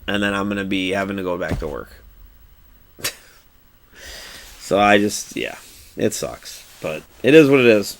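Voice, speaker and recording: Laid-back swearing gamer guy, low voice. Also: fairly bright tone, no echo. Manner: laid-back, rambling, swears freely, laughs often. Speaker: gaming streamer. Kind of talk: casual live-stream chat while playing.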